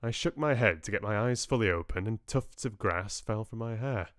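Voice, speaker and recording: A man reading a novel aloud for his livestream book club, slowly and expressively. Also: fairly low pitch, no room sound, studio quality. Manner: slow, expressive, lively. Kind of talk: audiobook-style reading.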